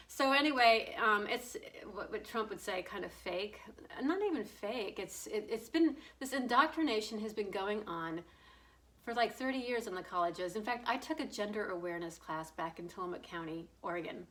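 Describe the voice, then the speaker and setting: A middle-aged woman talks off the cuff, blunt and meandering, dropping curses and breaking into laughs as she goes. Her voice sits at an ordinary middle pitch for a woman, and she speaks like someone venting to a camera rather than reading a script. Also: sharp tone, rough recording. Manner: blunt, rambling, swearing, laughing often. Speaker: political commentator. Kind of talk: casual opinion monologue.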